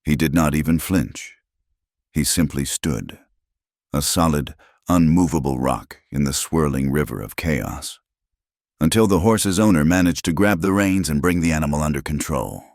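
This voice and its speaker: Narrator: man, extremely low voice, measured dramatic storytelling, dry close sound. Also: a little mellow, dry recording.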